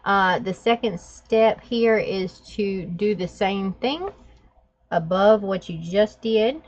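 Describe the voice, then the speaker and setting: Mid-range and taking her time, a vlogging woman laughs her way through a story before moving into a casually chatted drawing tutorial. Dull, lo-fi audio.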